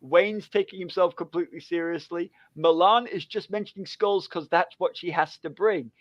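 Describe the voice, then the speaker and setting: A man co-hosting a casual book chat, an animated storyteller who laughs a lot and acts out the lines he quotes. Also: sits high, normal speed, dry recording, highs cut off. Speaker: book club co-host.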